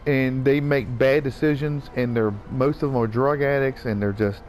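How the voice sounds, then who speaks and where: Man, profane, ranting, repetitive, mid-pitched voice, faint noise. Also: fairly even intonation, normal speed, darkish tone. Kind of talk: casual gaming rant.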